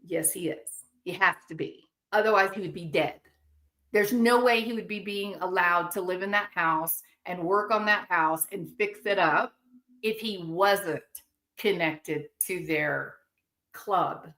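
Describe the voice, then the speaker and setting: A woman's voice: fairly low pitch, unhurried, fairly bright tone. Indignant woman host giving commentary. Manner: emphatic and indignant, with rhetorical asides. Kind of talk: opinionated commentary.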